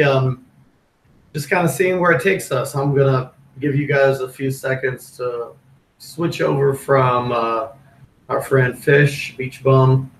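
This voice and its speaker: A man's voice: medium pitch, fairly bright tone, roomy sound, slight background noise, poor audio. A man hosting a live crypto stream in a casual, rambling way, with plenty of fillers and restarts. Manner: rambling, loose, with many fillers.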